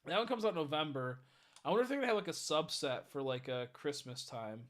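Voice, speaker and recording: A man's voice: a little high, lively intonation, quick pace, fairly bright tone. A tired man chatting casually on a live stream, rambling and swearing as he greets viewers. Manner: rambling, swearing, stumbles over chat names.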